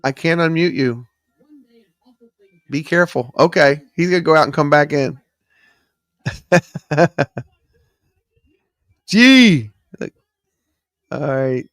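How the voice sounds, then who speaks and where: This man's voice sits on the high side and is a bit bright, and he takes his time with long pauses. He hosts a live trivia stream in his home studio, reading viewers' chat names and answers aloud with many ums, over a studio microphone with no room sound.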